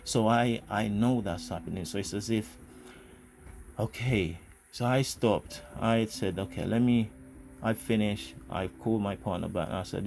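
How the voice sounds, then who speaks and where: A man's voice: fairly low pitch, normal speed, creaky, a little mellow, a little hiss or hum. A man telling a personal spiritual story in an earnest, rambling way, full of fillers and restarts. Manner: earnest, grateful. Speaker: vlogger.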